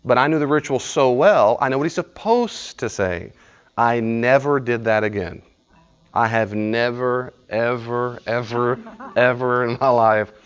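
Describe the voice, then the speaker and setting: A man's voice: mid-range voice, measured pace, clean tone, muffled recording. A man leading a live study group. He teaches informally, tells stories, acts out conversations and laughs often.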